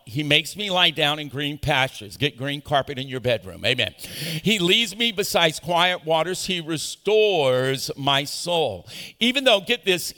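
A male pastor preaching an animated sermon, calling on the congregation to answer back. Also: fairly high pitch. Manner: animated preaching with call-and-response. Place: large church auditorium. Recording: echoey church hall.

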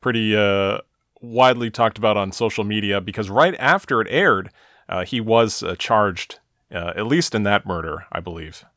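A man's voice: fairly low pitch, normal speed, fairly bright tone, no room sound, studio quality. A man co-hosting a podcast, recapping a TV episode in casual chat with a wry, chuckling manner and frequent fillers.

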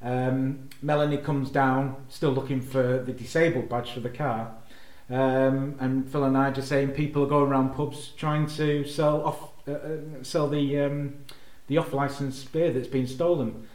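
A man's voice: mid-range voice, level tone, a little slow, hardly any pauses, a little mellow, reverberant. A man co-hosting a podcast, casually retelling a sitcom episode and chuckling as he goes. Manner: chuckling storyteller, laughs through his own retellings. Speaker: podcast co-host.

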